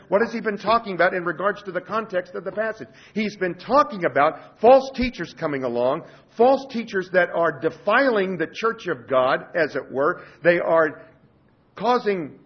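A man preaching a sermon with passion, swinging between loud urgency and quiet intensity. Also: sits high, breathy edge. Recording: dull lo-fi sermon recording.

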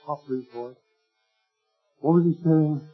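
A man's voice: a little high, unhurried, breathy edge, faint music behind. A man preaching an impassioned sermon, rising to wailing cries and stretching out his words. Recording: tinny phone-like old recording.

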